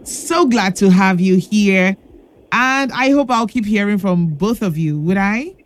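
A woman with a mid-range voice hosts a children's radio call-in show at an unhurried pace. She's playful and teasing, laughs a lot, and calls the callers by pet names in a lively exchange.

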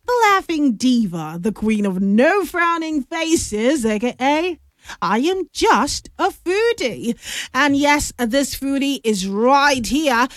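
Woman, radio host, high lively voice, unhurried teasing delivery, dry close mic. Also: no echo. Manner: lively, teasing, drawn-out emphasis. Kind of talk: playful call-in radio chat. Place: radio studio.

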